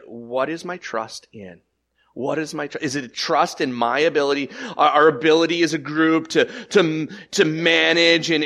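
A slightly high-voiced man preaches as a pastor, animated and swinging between loud, emphatic lines and quiet ones, restarting again and again.

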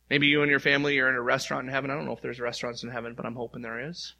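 A man preaching a sermon as a pastor, animated and playful, with many rhetorical questions. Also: mid-range voice, very fast, vocal fry, few pauses.

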